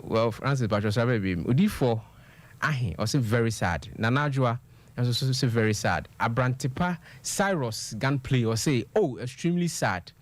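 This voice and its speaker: A man's voice: medium pitch, animated, moderate pace, no echo. A man, co-hosting a radio show and reading listener comments aloud in casual banter. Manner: reads comments aloud in a mix of Twi and English.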